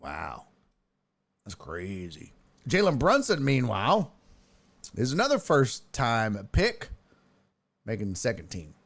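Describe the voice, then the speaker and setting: A man's voice: mid-range voice, takes it slowly, creaky, long pauses. A man hosting a casual sports talk stream from a desk mic, reading viewer chat aloud, profane and joking. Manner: animated, profane, reads chat aloud and jokes. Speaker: sports talk show host.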